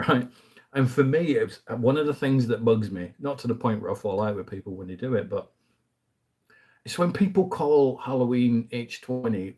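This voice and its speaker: A man's voice: mid-range voice, dark tone, slightly rough. A man hosting a casual movie review chat, rambling through asides with the odd light laugh. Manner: chatty and rambling, with frequent asides and fillers; laughs lightly mid-sentence.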